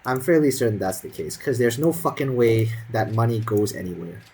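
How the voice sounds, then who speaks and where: A man's voice: mid-range voice, animated, brisk, dark tone, a little hiss or hum, rough recording. A young man in his teens telling a school story as a casual, profane, sarcastic rant full of fillers.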